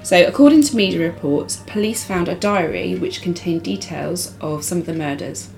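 A woman with a lowish voice hosts a casual podcast. She reads case details aloud, then drifts into loose chat with her co-host, with faint noise behind her. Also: moderate pace, vocal fry, a little mellow, rough recording. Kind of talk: casual true-crime chat.

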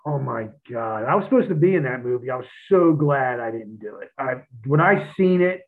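A former pro wrestler, appearing as a guest on a casual podcast, tells stories full of swearing and acts out the lines he said back then. His voice is medium in pitch at a moderate pace, and the recording sounds like a tinny phone line.

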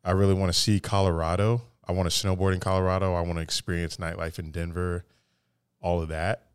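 A man chatting casually as a podcast co-host in a relaxed, offhand way, swearing now and then. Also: deep voice, fairly quick, clean tone, dry recording, studio quality. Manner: laid-back, swears casually, lists places he has been. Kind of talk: casual chat.

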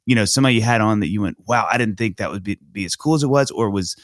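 A man in his forties hosting a podcast, telling stories in an animated, enthusiastic, casual way. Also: fairly low pitch, racing, no room sound, clean studio sound. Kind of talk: casual storytelling chat.

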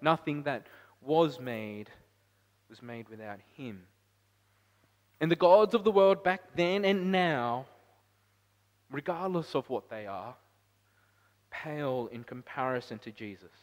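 A man preaching a sermon as pastor, climbing to loud emphatic peaks and then dropping to quiet, reflective lines. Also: mid-range voice, animated, slow pace, pauses often. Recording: long hall reverb.

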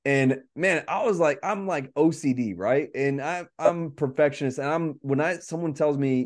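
A man's voice: on the high side, moderate pace, hardly any pauses. A man in casual podcast conversation who rambles, laughs often and says "like" a lot. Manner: rambling, laughing, heavy use of "like".

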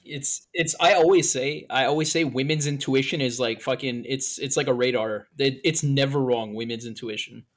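A man's voice: medium pitch, moderate pace, hardly any pauses. A man hosting a casual talk show, swearing and laughing easily as he leads the chat. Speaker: host.

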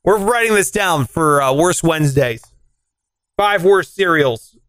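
A man co-hosting a podcast, reading out listener comments in casual chat, animated and jokey, swearing and leaping up in pitch when he argues. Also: measured pace, no room sound.

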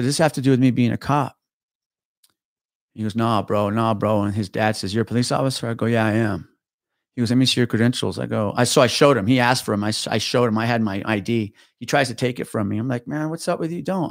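Recorded dry and close with no echo, this male ex-cop guest speaks fast at a medium pitch with a creaky edge. His podcast storytelling is casual, profane, and lively, riddled with restarts.

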